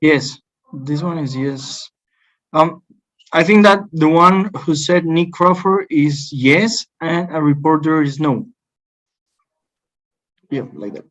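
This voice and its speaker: A man's voice: a little high, slow, pauses often, a bit bright, poor audio. A man who speaks Spanish as his first language, studying English, answering hesitantly and thinking aloud. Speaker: student.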